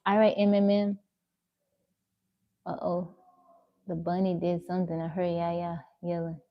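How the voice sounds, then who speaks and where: A woman's voice: lowish voice, unhurried, lo-fi sound. Chatty woman streaming from home. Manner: relaxed, chatty, answers viewers one by one. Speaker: livestreamer. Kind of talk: casual live-stream chat reading comments.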